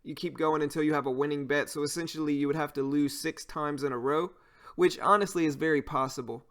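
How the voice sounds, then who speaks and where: A man's voice: a little high, fairly even intonation, quick pace, fairly bright tone. A man with a Cajun accent, chatting casually on a live stream as he answers viewers and explains trading. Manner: explains while answering chat, loose fillers.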